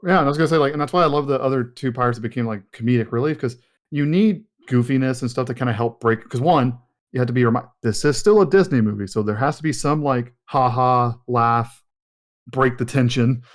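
A man's voice: mid-range voice, a little fast. A man co-hosting a casual movie podcast, rambling with fillers and sidetracks. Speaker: podcast co-host.

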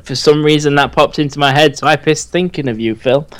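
A man's voice: fairly high pitch, a little fast, a bit bright, dry recording. A man co-hosting a podcast in casual chat, joking and laughing often. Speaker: podcast co-host.

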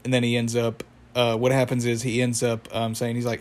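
A man's voice: mid-range voice, monotone, fairly quick. Rambling man recapping a cartoon. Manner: rambling, laughs often. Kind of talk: casual chat.

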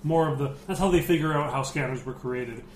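A man's voice: on the high side, a little fast. A man co-hosting a casual podcast chat, teasing his co-host with dry sarcasm. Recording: echoey room, faint noise.

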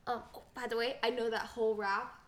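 Bright, high-voiced giggly American girl. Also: level tone, fairly quick. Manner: giggly, rambling, lots of "like". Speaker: podcast co-host. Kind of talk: casual chat.

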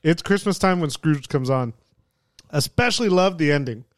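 A man's voice: on the high side, lively intonation, normal speed, no echo, clean studio sound. A man hosting a podcast, chatting casually about movies, rambling and swearing with frequent laughs. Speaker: podcast host. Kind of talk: casual movie review chat.

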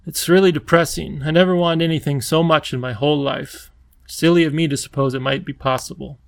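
Guy doing a lispy bouncy creature king, higher than his normal voice, a bit gravelly, storybook style. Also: brisk. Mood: dejected. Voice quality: lisping. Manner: excitable, bouncy, pleading. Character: lonely eager male Wangdoodle king creature.

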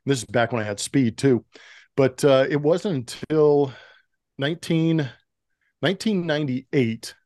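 He's a middle-aged former professional baseball player guesting on a podcast, recounting tales and animatedly acting out whoever he quotes. The medium-pitched voice comes through clean studio sound without echo.

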